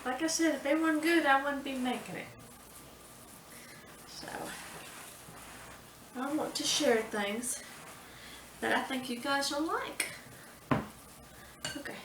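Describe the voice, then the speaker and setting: A woman, chatty and unhurried, leading a casual home cooking tutorial in her kitchen. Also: high voice, fairly bright tone, far from the mic, slight background noise. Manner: chatty, unhurried, says "y'all". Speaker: home cooking show host. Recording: echoey kitchen, mic set back.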